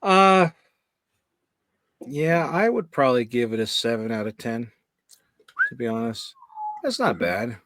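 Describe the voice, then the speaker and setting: A man's voice: mid-range voice, lively intonation, a little slow, long pauses, noisy background. A man appearing as a guest in a casual movie review chat, hedging his opinions and laughing at himself.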